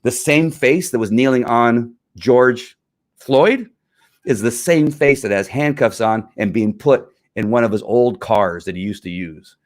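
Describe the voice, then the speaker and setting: A middle-aged former police officer hosts his own show, launching into a frustrated, emphatic rant in casual livestream commentary. His mid-range voice keeps an unhurried pace.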